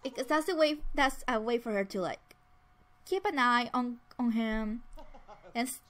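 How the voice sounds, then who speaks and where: A woman's voice: on the high side, normal speed, a bit bright. A woman casually narrating a life-simulation game and voicing the characters' dialogue herself. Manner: chatty, voices dialogue for the sims, many restarts. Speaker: let's play narrator. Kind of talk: casual game commentary with voiced character lines.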